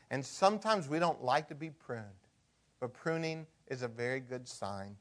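A man preaching a sermon as pastor, shifting from hushed and conversational to loud and emphatic. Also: medium pitch.

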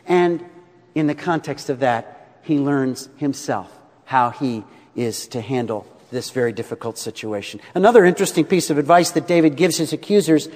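A man preaching a sermon as pastor, expressive, swinging between rising emphasis and soft, quiet drops. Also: medium pitch, moderate pace, long reverb tail.

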